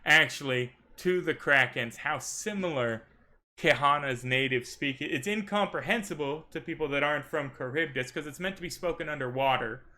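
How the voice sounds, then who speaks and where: A man narrates a tabletop game as game master, theatrical and wordy. His voice is bright and tense and sits a little high. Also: moderate pace. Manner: wordy, theatrical, frequent "uh" and "right?".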